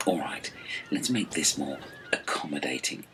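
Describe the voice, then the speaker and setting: A man's voice: rumbling low, expressive, normal speed, pushed and bright, a little hiss or hum, heavily acted. A man voicing a drawling, emphatic castaway who is hatching plans. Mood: scheming.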